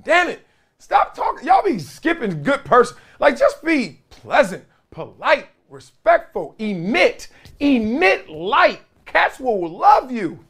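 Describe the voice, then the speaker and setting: A man hosting a podcast, talking casually in a slangy, animated monologue that swings between loud bursts and low asides. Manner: slangy, preachy. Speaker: podcast host.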